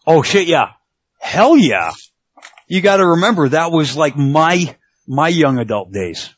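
A man's voice: on the high side, unhurried, dry recording. Laughing man with a dull lo-fi sound. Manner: laughs often, profane, animated storytelling. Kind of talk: casual chat.

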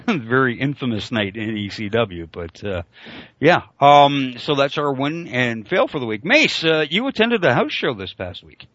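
A man's voice: medium pitch, big pitch swings, measured pace, fairly bright tone, no room sound. A man hosting a podcast in casual chat, laid-back, with hesitant fillers and chuckles. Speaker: podcast host. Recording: dry, dull lo-fi recording.

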